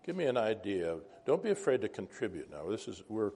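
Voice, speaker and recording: A man's voice: lowish voice, sing-song, brisk, dark tone, slightly rough. A man teaching an informal Bible class, conversational and wandering into asides, asking the class questions.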